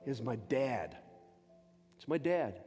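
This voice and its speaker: A man in his forties, a pastor, giving an impassioned personal testimony from the pulpit, swinging between loud and hushed. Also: mid-range voice, very animated, takes it slowly, husky. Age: 40s. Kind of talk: sermon. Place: church sanctuary. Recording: long church reverb with faint music.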